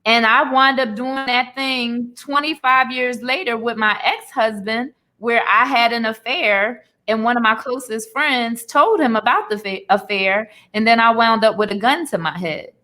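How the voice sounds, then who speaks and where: A woman's voice: a little high, measured pace, hardly any pauses, bright, forceful tone. A woman in her forties, an interview guest and author, giving an earnest, emotional personal testimony laced with faith.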